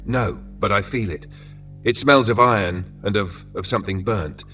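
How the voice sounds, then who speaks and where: A man voicing a frightened young male peasant prisoner in a dark fantasy story, stammering and pleading. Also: lowish voice, normal speed. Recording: voice from a distance with faint music.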